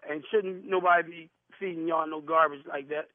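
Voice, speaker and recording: A defensive, confrontational man who argues in heavy slang over a phone call. His voice is high, and it comes through a tinny, phone-like line that sounds completely dry. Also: fairly even intonation, moderate pace, no echo. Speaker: caller. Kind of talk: heated phone argument.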